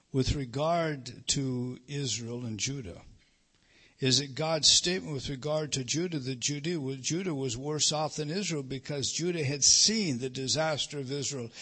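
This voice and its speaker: A middle-aged man preaching a sermon, emphatic, rising to loud stresses and dropping to hushed lines. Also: mid-range voice, breathy edge. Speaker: pastor.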